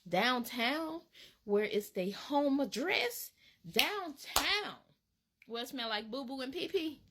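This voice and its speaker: A woman from Alabama, telling a casual storytime in an animated, dramatic way with laughs. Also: sits high, takes it slowly, noisy background. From Alabama, USA. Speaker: vlogger.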